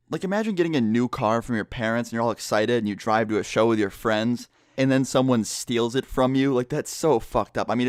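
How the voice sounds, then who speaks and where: A young man tells a story on his vlog from an indoor room with people next door, so he keeps his voice down, talking loosely with lots of swearing and filler words. His voice is fairly low and clean-toned, and the recording is dry with clean studio sound.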